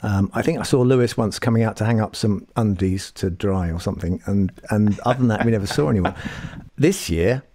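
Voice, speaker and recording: A man's voice: on the low side, fairly quick, darkish tone, dry recording. An older man, chatting casually on a podcast, dry and self-mocking as he tells anecdotes. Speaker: podcast pundit. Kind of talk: casual chat.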